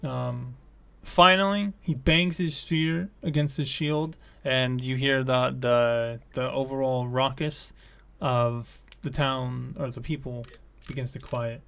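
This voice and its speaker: A man's voice: medium pitch, steady tone, slow pace, creaky, hardly any pauses, a bit bright, clean tone. A man narrating as game master of a tabletop game, rambling, with many fillers and self-corrections.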